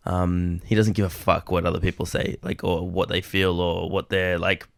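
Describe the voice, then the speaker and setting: A man's voice: low-pitched, little pitch movement, moderate pace, gravelly, no room sound, studio quality. A young man co-hosting a podcast, chatting casually in a rambling way with lots of fillers. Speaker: podcast co-host. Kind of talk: casual chat.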